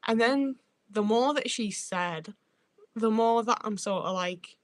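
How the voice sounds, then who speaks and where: A woman's voice: fairly high pitch, slow pace. A woman livestreaming who reads out chat as she goes. She rambles, swears freely and trips over her own words.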